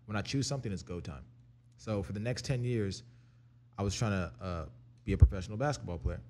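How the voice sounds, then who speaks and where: A young man tells his story as a guest in a relaxed interview. His voice sits on the low side and the words tumble out quickly. He talks with energy and swears freely. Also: a little hiss or hum. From Canada. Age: young adult. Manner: fast, energetic, profane storytelling. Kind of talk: casual storytelling.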